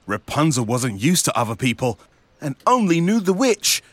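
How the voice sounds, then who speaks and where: A man narrating a children's story, animated and speaking to young listeners. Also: on the high side, moderate pace, dry recording.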